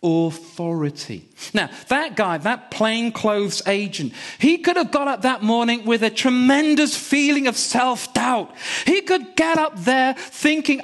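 A man's voice: very high voice, measured pace, a bit bright. A man preaching a sermon, telling a personal story and hammering key words through repetition. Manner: emphatic, repeats key words.

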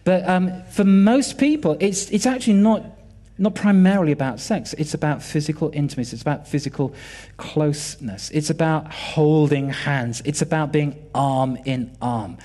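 In a warm, fairly high voice at a moderate pace, a British man in his forties preaches a sermon. He shares stories about his family and animatedly acts out the dialogue he quotes.

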